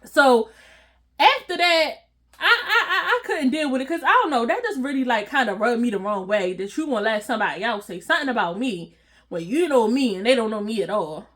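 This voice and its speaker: A woman vlogger telling a casual storytime, animated and slangy, acting out what people said and laughing often. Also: a little high, a little fast. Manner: animated, slangy, acts out quoted voices.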